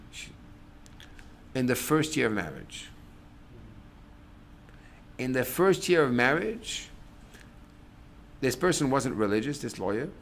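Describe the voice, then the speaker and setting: A middle-aged man, a rabbi, giving a lecture to a class on relationships. He tells stories in a lively way, acts out what people say, and breaks into sudden loud outbursts. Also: medium pitch, a little hiss or hum. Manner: animated storyteller, acts out quotes, sudden loud bursts.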